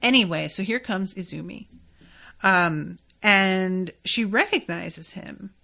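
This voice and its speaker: A woman's voice: mid-range voice, slow, gravelly, pushed and bright. Chatty woman recapping an episode. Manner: chatty, rambling, many filler likes. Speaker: podcast host.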